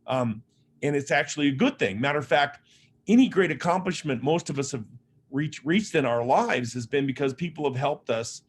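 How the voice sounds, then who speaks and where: A man's voice: on the high side, animated, normal speed, slight background noise. A man from Las Vegas giving a motivational keynote talk as an author and speaker. He tells personal stories in a humorous, conversational, self-deprecating way. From Las Vegas, Nevada, USA.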